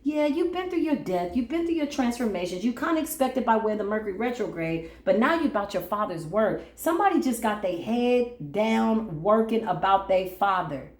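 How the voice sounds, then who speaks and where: A woman giving a spiritual tarot reading in a vlog, animated and slangy with casual swearing, now and then breaking into sung bits. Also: mid-range voice, normal speed, few pauses, echoey room. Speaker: tarot reader.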